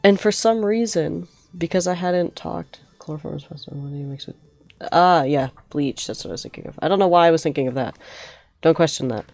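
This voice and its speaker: A woman's voice: low voice, brisk, creaky, darkish tone, faint music behind. A young woman streaming a game, chatting and telling rambling stories with frequent giggles. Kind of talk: casual gameplay storytelling.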